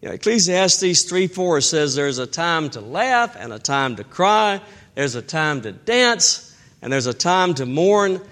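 Man, middle-aged, pastor, sermon, emphatic, slightly high pitch. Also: sing-song, a bit bright. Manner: emphatic, slows down on key phrases.

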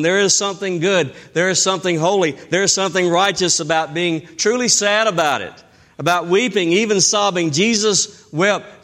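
A middle-aged man preaching a sermon as pastor, emphatic and slowing down to stress key phrases. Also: sits high, a bit bright.

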